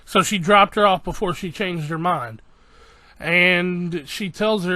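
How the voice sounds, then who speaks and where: Bright, high-voiced excited male reviewer. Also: slow pace, no room sound. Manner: excited, swears freely, re-enacts scenes. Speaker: anime reviewer. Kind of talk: casual episode recap.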